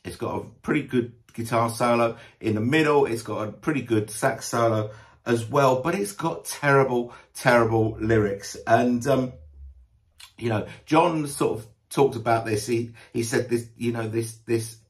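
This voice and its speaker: A man's voice: mid-range voice, normal speed. A man giving a casual, rambling spoken album review, blunt in his opinions and full of hesitations and restarts. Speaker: music reviewer.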